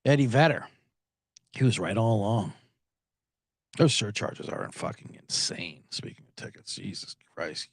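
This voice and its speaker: Animated, sarcastic podcast host man. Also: on the low side, unhurried, long pauses, dry recording, clean studio sound. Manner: animated, sarcastic, swears a lot. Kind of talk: profane sports betting rant.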